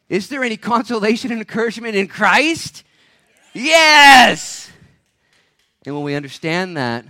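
A man preaching a sermon to a church congregation, impassioned, firing off rhetorical questions and swinging from hushed tones to shouts. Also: high-pitched. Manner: rapid-fire rhetorical questions. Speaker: pastor. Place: church service.

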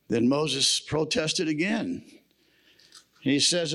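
A man's voice: mid-range voice, big pitch swings, slow, fairly bright tone. A man preaching a sermon at a men's camp, telling stories in a folksy way with humorous asides. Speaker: camp speaker.

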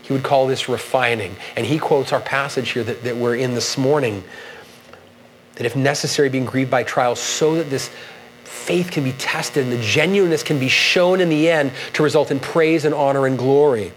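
A man preaching a sermon, earnest and halting, with many restarts, reading quoted passages with rising emphasis. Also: medium pitch, slight background noise, poor audio. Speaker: pastor.

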